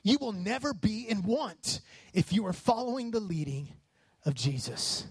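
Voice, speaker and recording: Fiery high-voiced preacher. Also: male voice, lively intonation, normal speed, slightly rough, dry recording. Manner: passionate, rising to shouts on key lines. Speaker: pastor. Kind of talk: sermon.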